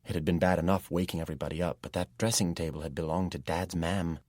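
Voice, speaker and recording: An audiobook narrator with a very deep, slightly husky voice tells a first-person fantasy story at a steady, measured pace. The sound is dry and close, with no room sound at all.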